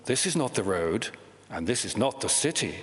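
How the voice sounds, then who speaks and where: A church reader doing a calm old prophet, speaking low and measured, the words slow and steady. His voice rings with a long echo through a large hall.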